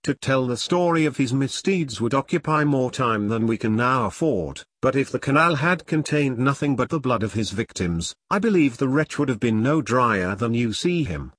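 A man's voice: medium pitch, no room sound, studio quality, close to an everyday voice. A man reading as a stern, commanding prince. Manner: grave, formal, measured.

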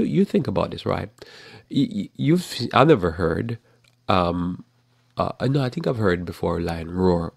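A gravelly low-voiced male preacher. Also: dry recording, clean studio sound. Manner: emphatic, repetitive, restarts phrases often. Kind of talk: motivational sermon.

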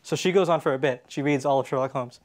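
A man's voice: medium pitch, fast talker, darkish tone. A Canadian man giving a casual conference presentation, talking with many fillers and restarts. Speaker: conference speaker. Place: conference stage in a hall.

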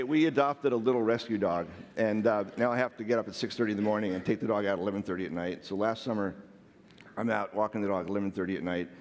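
A man tells personal stories on stage in a playful, self-deprecating way. His voice sits a bit low. The sound rings out with the long reverb of a large hall. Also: a little mellow. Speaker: speaker. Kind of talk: storytelling talk on stage.

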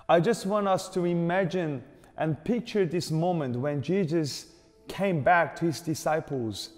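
Slow-preaching man in a reverberant hall. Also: fairly high pitch. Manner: slow, deliberate preaching with emphatic repeated questions. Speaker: pastor. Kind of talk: sermon. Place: church hall. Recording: reverberant hall with soft music behind.

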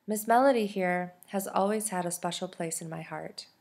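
A woman's voice: lowish voice, moderate pace, darkish tone. A woman voicing a kind but no-nonsense older caregiver.

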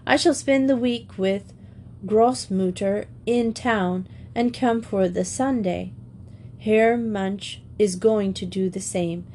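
A woman voicing a calm, kindly fatherly uncle in a storybook reading. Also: medium pitch, slow pace, a little hiss or hum.

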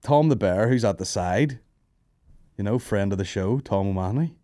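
A man's voice: lowish voice, expressive, normal speed, mellow, dry recording. A man hosting a comedy podcast, telling rambling, sweary stories, laughing and mimicking people. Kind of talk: casual storytelling chat.

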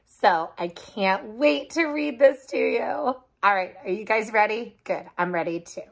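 A woman's voice: a little high, a little slow, vocal fry. A woman, a childcare teacher, reading a picture book aloud and speaking directly to young children in a friendly way.

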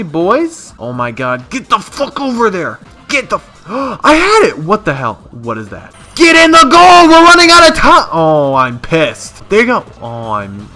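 A young man giving profane, excitable commentary over his own gameplay, talking to himself and yelling at near misses. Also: mid-range voice. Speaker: gaming YouTuber.

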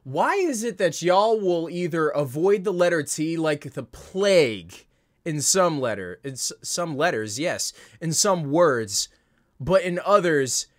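A woman's voice: low voice, big pitch swings, measured pace. A woman hosting a reaction video, talking in a teasing, exasperated way. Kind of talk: casual reaction commentary.

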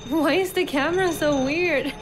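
A woman with an extremely high voice, speaking at a measured pace, streams gameplay and gives casual commentary. She's chatty and giggly, reacting aloud to events on screen, with game music playing behind her and background noise in the recording.

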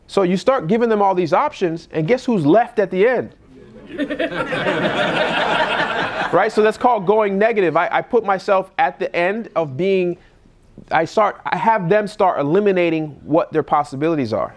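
Animated man acting out phone calls. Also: moderate pace. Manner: animated, acts out calls in a higher voice. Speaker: real estate investor speaking on a panel. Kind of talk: casual seminar talk with acted phone scripts. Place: live event room.

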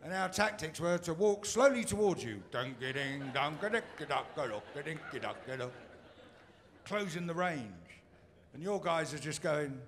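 A man's voice: high voice, expressive, normal speed, a little hiss or hum. A man from Britain performing a stand-up routine on a comedy stage, teasing the crowd in a dry way.

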